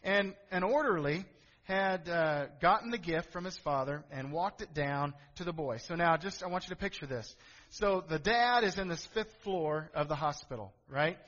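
Middle-aged man, pastor, sermon, high voice, storytelling then emphatic preaching, long church reverb. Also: normal speed, fairly bright tone. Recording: echoey hall, dull lo-fi sound.

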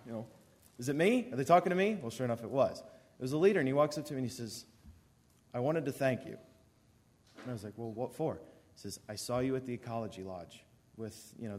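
A young man earnestly telling a personal story from summer camp to an audience. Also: medium pitch. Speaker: youth speaker.

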